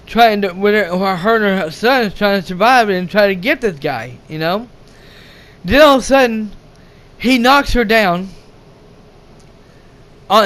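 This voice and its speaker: High, smooth-voiced rambling man. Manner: repetitive, many restarts and swearing. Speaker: movie reviewer. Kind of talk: casual rambling plot recap.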